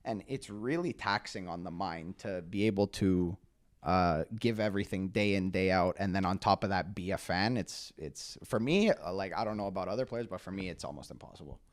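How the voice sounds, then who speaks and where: A young man from Canada, a guest on an interview podcast, telling stories in a casual, animated way with lots of fillers. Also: low-pitched, brisk. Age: young adult. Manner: animated storytelling with many "like" fillers. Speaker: guest, pro soccer player.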